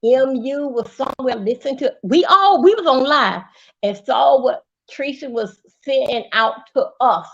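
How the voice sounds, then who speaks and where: A high-voiced woman vents on a live stream, swearing and circling back over the same grievance. Her anger keeps building as she tells the story. The audio is muffled and lo-fi, like a typical stream recording. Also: animated, moderate pace, creaky. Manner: profane, angry, repetitive storytelling. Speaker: livestream host. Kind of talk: heated live-stream rant.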